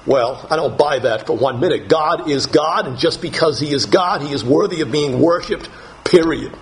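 A man preaching a sermon, reading scripture aloud slowly and explaining it with emphasis. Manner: slow, emphatic scripture reading, rising to higher pitch when dramatizing.

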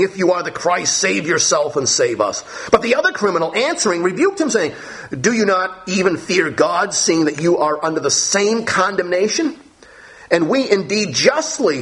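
A man's voice: high-pitched, a bit bright. A man preaching a Bible lesson, reading scripture aloud and explaining it as he goes. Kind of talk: Bible teaching.

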